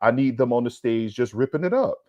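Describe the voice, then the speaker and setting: A man hosting a podcast in a casual comedic rant, loud and profane, always tacking on "all right?". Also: mid-range voice, lively intonation, a little fast, no echo, dull audio. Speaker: podcast host.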